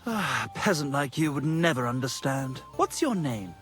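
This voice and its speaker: An actor playing a pompous, lovesick young poet in a video game, speaking theatrically and pedantically. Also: male voice, medium pitch, big pitch swings, moderate pace, a bit bright, soft background music. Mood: haughty.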